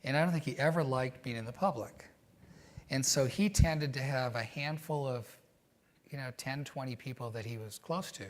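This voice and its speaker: A man in a conversational interview, mid-pitched and easygoing. He tells his stories in a reflective way, sometimes animated, and drops frequent "you know" fillers as he thinks aloud. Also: normal speed. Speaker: guest.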